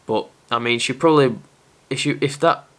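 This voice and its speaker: A man's voice: medium pitch, moderate pace, a bit bright. A young man talking casually to camera as a dating advice presenter, candid and self-aware.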